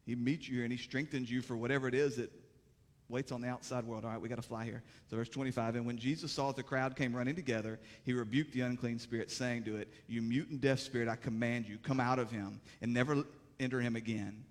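A pastor preaching a sermon, moving from calm teaching to impassioned, rising delivery. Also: male voice, medium pitch, quick pace, big-room sound.

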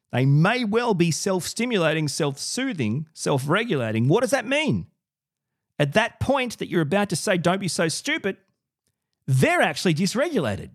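A man talking straight to camera for his own channel, with a lively voice that swings up and down in pitch. He is sarcastic and animated, and he often doubles back on his words. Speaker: podcast and video host. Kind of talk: direct-to-camera commentary.

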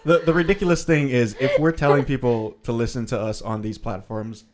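A man's voice: mid-range voice, fairly even intonation, brisk. A young man co-hosting a podcast, signing off in a wry, joking, laid-back way. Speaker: podcast co-host. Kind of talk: casual chat, sign-off.

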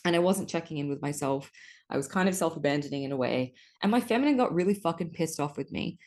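Woman, low voice, podcast host, casual solo talk, animated, swears a lot. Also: quick pace. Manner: animated, swears often, spiritual language.

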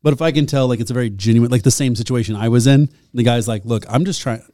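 A man co-hosting a podcast, chatting casually and quickly, with lots of "like" fillers. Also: mid-range voice, dark tone, no echo, studio quality. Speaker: podcast co-host. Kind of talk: casual chat.

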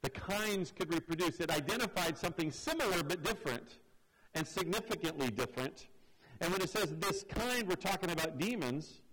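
A man's voice: a little high, lively intonation, brisk, a bit bright, poor audio. A man preaching a sermon, reading scripture verse by verse and acting out the voices of the people in it. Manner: expository preaching, acts out quoted voices. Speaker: pastor.

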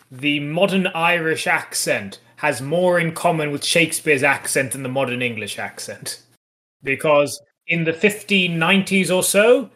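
A man's voice: on the high side, sharp tone. A man co-hosting a casual podcast chat about poetry, explaining things with dry humour. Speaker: podcast co-host.

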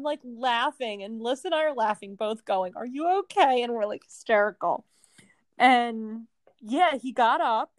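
A woman's voice: fairly high pitch, no echo. A woman co-hosting a podcast in casual chat, telling stories with lots of laughter. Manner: animated storyteller, laughs often. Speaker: podcast co-host.

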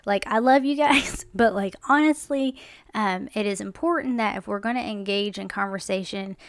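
A young woman speaks about faith in a casual, chatty way, slipping into mimicry of other people. Her voice has a gravelly fry, and the recording is close and dry with no room sound. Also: mid-range voice, moderate pace, dry recording. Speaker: Christian vlogger. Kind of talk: casual faith talk to camera.

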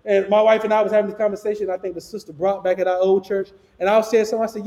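A very high-voiced man preaches as pastor, projecting hard since there is no microphone, and keeps tossing questions for the congregation to finish. His sinuses and ears are stuffed up. The sound is an echoey church hall with a long ringing reverb. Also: fairly even intonation, racing, few pauses. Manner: projecting loudly without a microphone, call-and-response questions. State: clogged ears and sinus trouble. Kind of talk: sermon. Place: church sanctuary.

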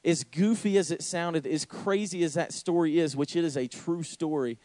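A young man preaching a sermon, telling a story with lively, sudden high exclamations. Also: normal speed, no room sound. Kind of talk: sermon with anecdote.

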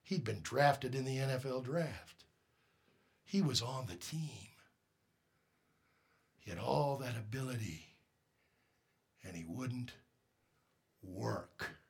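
A man's voice: mid-range voice, expressive, slow pace, vocal fry, pauses often, breathy edge. A man preaching a sermon as pastor, emphatic and direct, firing rhetorical questions at the congregation.

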